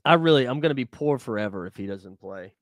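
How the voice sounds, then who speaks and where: A man hosting a live fantasy sports stream, chatting casually and excitably with viewers by name while thinking aloud over his picks. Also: mid-range voice, fast talker, no echo.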